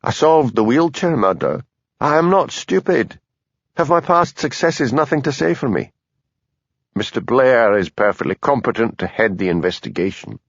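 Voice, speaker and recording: A man doing an earnest Highland constable. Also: expressive, normal speed, gravelly, husky, no room sound, dull audio. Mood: pleading. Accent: Scottish Highland. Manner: earnest, persuasive. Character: nervous young Highland police constable, pleading.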